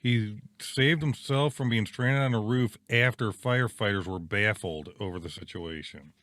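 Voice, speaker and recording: A man with a fairly low voice plays along in a casual podcast news quiz. He reasons out loud in a relaxed way, and the sound is dry and close. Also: moderate pace, no echo. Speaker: podcast co-host.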